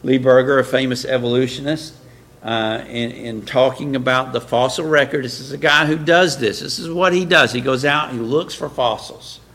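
A man's voice: mid-range voice, fairly even intonation, normal speed, a bit bright. A man giving a sermon-style lecture, emphatic and full of rhetorical questions, with frequent fillers and restarts. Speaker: preacher.

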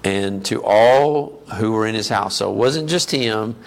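A man delivering a sermon at an unhurried pace, with a gravelly, creaky edge to his voice. He teaches conversationally and keeps turning to the congregation with questions. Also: lowish voice. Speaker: preacher.

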